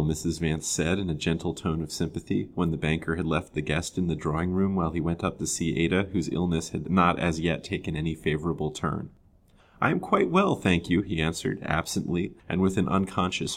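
A man reading a period novel aloud in measured, expressive narration. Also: low-pitched. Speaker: storyteller. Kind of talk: storybook reading.

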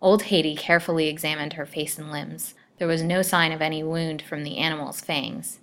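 A woman storyteller reading a melodramatic serial aloud with expressive delivery. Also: sits low, brisk. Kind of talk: scripted narration.

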